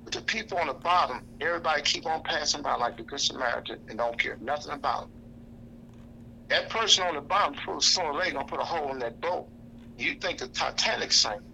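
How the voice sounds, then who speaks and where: High-voiced, sharp-toned preacherly man. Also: fast, creaky, a little hiss or hum, low-quality recording. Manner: blunt, preacherly, cites scripture, repeats for emphasis. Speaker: activist speaker. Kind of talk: impassioned speech to a lunch audience. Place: indoor lunch gathering.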